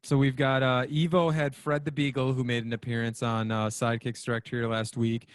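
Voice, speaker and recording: A male host talks casually and keeps restarting his sentences. His voice is mid-pitched, and the dry sound has almost no room echo. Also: little pitch movement, fairly quick, smooth. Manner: chatty, frequent restarts. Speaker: show host. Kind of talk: casual interview chat.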